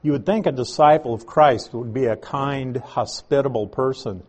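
A man's voice: mid-range voice, normal speed, darkish tone. A man teaching a Bible passage, reading verses aloud and explaining Greek words.

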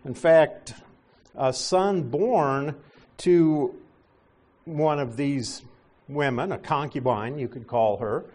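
A middle-aged male pastor teaching a sermon, explaining scripture with gentle asides. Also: fairly high pitch.

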